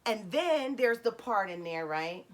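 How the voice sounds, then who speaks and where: A woman telling a personal story to her viewers in a casual, animated way. She acts out what people said and talks to her audience directly. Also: mid-range voice, a little slow.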